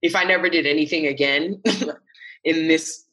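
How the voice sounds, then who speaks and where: A woman's voice: sits low, fairly even intonation, a little slow, a bit bright, poor audio. A young adult woman, a voice actor, chatting animatedly in an interview and laughing often. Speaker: voice actor guest. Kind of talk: casual interview chat.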